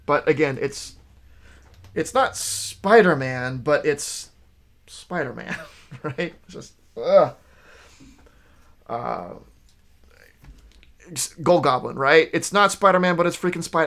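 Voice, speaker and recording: A man chatting casually about his latest comic book pickups, his voice sitting a little high for a man. He rambles, restarts his sentences and fills pauses with ums, but stays openly enthusiastic. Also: fairly bright tone, clean tone. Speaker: comic shop video host.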